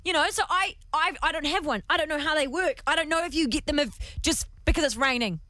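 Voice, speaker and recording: A woman's voice: high-pitched, quick pace, pushed and bright, no echo. A young woman with a New Zealand accent, a radio host telling a story in a chatty, self-conscious way and laughing as she goes. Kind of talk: casual radio chat, storytelling. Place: radio studio.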